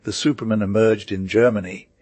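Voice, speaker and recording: Male narrator voicing a heated young Germanophile, scornful, lowish and dry. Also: fairly even intonation, brisk, a little mellow, no room sound, close to an everyday voice. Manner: agitated, scornful outbursts.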